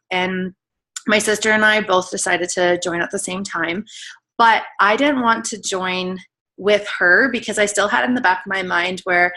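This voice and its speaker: A woman's voice: mid-range voice, a bit bright. A woman in her thirties giving an earnest, emotional personal testimony as a guest speaker on a team call, in casual, filler-heavy speech. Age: 30s.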